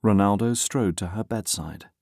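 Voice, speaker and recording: A man narrating an audiobook in a steady, even reading. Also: lowish voice, moderate pace, dry recording, studio quality. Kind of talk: scripted narration.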